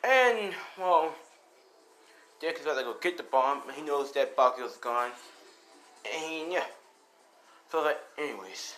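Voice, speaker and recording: Rambling man with a bright voice. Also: fairly high pitch, animated, a little slow, long pauses, slight background noise, low-quality recording. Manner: rambling, swears, many fillers. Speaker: storyteller. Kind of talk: casual fan-fiction storytelling.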